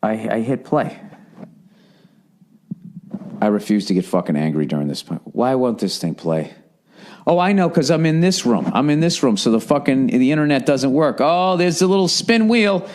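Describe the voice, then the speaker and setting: Profane ranting middle-aged man. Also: sits high. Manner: ranting, profane, self-mocking. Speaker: podcast host. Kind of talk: casual solo podcast monologue.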